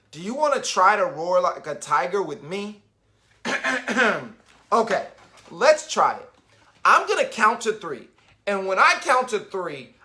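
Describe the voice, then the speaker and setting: Lively bright-voiced man reading to kids. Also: high voice. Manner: animated, asks the listener questions and pauses to wonder. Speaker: children's book reader. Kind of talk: reading a picture book aloud to children.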